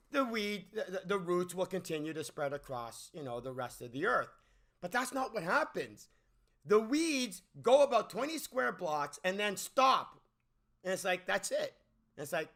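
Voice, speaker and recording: A man's voice: sits high, sharp tone. A man giving an exasperated, ranting movie review, often stumbling and repeating words as he restarts. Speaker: movie critic.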